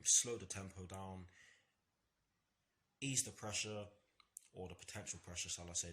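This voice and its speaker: This football fan channel host is a young man with a deep, fairly bright voice, and a faint hiss or hum sits under the recording. He previews an upcoming match in his vlog, speaking earnestly in repetitive phrases and stammering now and then.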